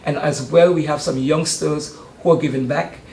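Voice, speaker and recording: A man's voice: a little high, steady tone, moderate pace, vocal fry, a little mellow, a little hiss or hum. An older man, chatting in an interview about the youth sports camp he runs, with many hesitant ums. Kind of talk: casual interview. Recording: roomy studio sound.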